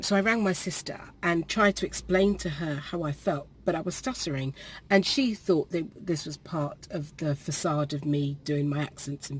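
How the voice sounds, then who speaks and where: A woman, telling a personal story to the camera in a halting way, with pauses and restarts, while perspiring. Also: low voice, a little hiss or hum. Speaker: vlogger. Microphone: camera facing her.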